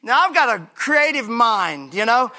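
Pastor, male, high bright voice, energetic, joking sermon with congregation repeating lines. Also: unhurried. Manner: lively preaching with call-and-response and humor. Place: church sanctuary.

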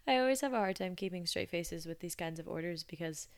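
A woman's voice: on the low side, animated, normal speed. A young woman hosting a podcast, chatting casually and with amusement as she retells odd customer stories. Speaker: podcast host. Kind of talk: casual storytelling monologue.

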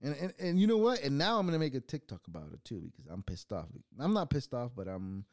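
A man's voice: medium pitch, very animated, fast, a little mellow, no room sound, studio quality. A young adult man hosting his own show, ranting casually with a lot of swearing and mocking laughter. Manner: profane, mocking, laughs often. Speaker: podcast host.

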